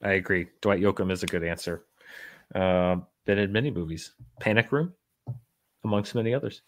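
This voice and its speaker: A man's voice: low-pitched, normal speed. A man hosting a podcast, chatting casually about news in a wry, joking way, with many fillers and restarts. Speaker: podcast host. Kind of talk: casual chat reading news.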